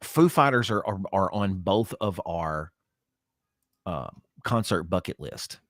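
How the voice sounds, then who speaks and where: A man's voice: low-pitched, animated, takes it slowly, fairly bright tone, no room sound, clean studio sound. A middle-aged man, co-hosting a podcast in casual chat, rambling with many fillers and restarts. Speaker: podcast co-host.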